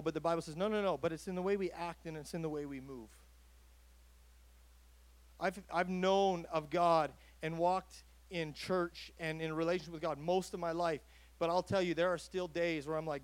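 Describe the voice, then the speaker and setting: A man's voice: fairly high pitch, moderate pace, no room sound. A man preaching a sermon as a pastor, talking in a conversational way that rises to emphatic calls.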